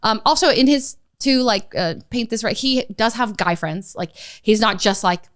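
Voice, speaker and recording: A young woman with a voice on the high side speaks at a moderate pace in a clean tone, recorded dry and at studio quality. As a podcast guest in a casual chat, she tells a long personal story in an animated way, full of fillers.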